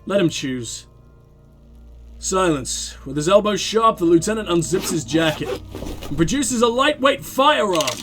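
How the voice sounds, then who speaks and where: A man's voice: high voice, sing-song, normal speed, a bit bright, faint music behind. A man hosting a game playthrough, reading the game's text aloud with commentary, stumbling and correcting himself as he goes. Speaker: let's play host.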